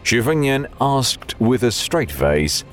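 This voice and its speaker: A man narrating an audiobook with measured storytelling and faint music behind. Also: mid-range voice, very animated, a bit bright.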